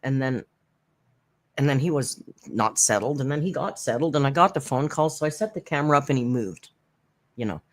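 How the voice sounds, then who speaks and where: A woman from Canada hosting a casual live stream from home, chatty and laughing often as she tells stories with dark humor. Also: rumbling low, expressive, fairly quick. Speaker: YouTube commentary host. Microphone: headphones with desk mic.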